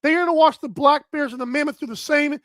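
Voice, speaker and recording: A man hosting a live sports betting talk show, energetic and outspoken as he runs through his picks. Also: very high voice, quick pace, no echo. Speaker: host.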